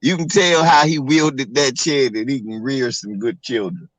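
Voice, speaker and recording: A man from Maryland telling stories in a casual livestream chat, animated and profane. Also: mid-range voice, moderate pace, rough recording. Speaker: co-host.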